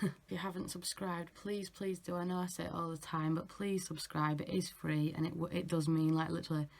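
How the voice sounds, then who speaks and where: Chatty young woman, lowish voice. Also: flat delivery, fairly quick, creaky, a little mellow. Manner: chatty, giggly, self-mocking. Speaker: makeup artist vlogger. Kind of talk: casual makeup tutorial chat.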